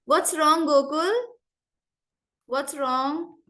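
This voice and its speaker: A woman teaching English in an online class over a video call, brisk and chatty, calling on students by name. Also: sits high, steady tone, sharp tone.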